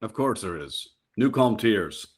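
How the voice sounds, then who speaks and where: A middle-aged man talking as a guest on a podcast, lively and quick to jump up in pitch when he tells a story. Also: breathy edge. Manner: animated, jumps up in pitch when telling stories. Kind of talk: casual interview chat.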